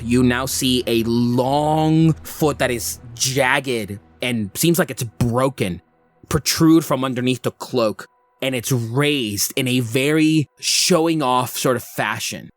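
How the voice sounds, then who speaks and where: A man running a tabletop game, narrating scenes at a slow, deliberate pace. His voice sits in a middle register, with faint music underneath. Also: medium pitch, dry recording. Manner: descriptive, unhurried narration. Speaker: game master.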